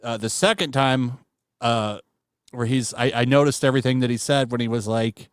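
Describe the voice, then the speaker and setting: A man's voice: mid-range voice, normal speed, clean tone, no echo, studio quality. Enthusiastic male podcast host. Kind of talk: casual panel chat.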